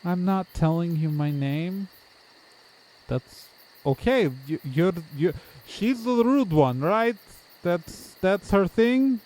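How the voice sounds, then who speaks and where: A man's voice: sits high, expressive, slow pace, a little mellow, rough recording. A man running a tabletop role-playing game as game master, narrating and slipping into a playful sing-song townsperson voice.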